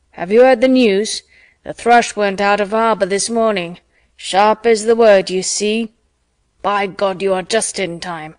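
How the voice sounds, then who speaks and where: A woman doing a loud blustering old sailor father. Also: mid-range voice, no echo, lightly acted. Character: loud bluff older naval father.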